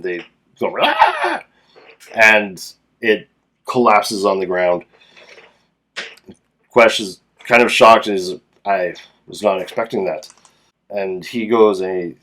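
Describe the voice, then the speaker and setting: Low-voiced man narrating a solo tabletop game. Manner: casual, thinking aloud while rolling dice. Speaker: game master.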